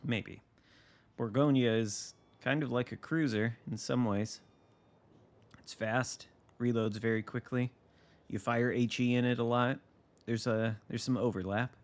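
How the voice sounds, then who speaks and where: A man's voice: medium pitch, steady tone, measured pace. A man streaming a naval battle game, chatting casually with dry, wry asides as he thinks aloud. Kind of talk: casual live gameplay commentary.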